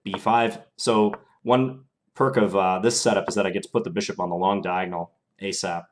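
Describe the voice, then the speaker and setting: A young man streaming chess live, calmly thinking aloud through his moves in a casual, analytical way. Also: deep voice, a little fast, a little hiss or hum.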